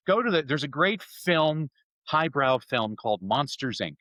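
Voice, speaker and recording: A man as a podcast guest, telling stories in an enthusiastic, jokey, animated way. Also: on the high side, unhurried, dry recording, low-quality recording. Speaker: guest speaker and author. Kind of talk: energetic conversational interview.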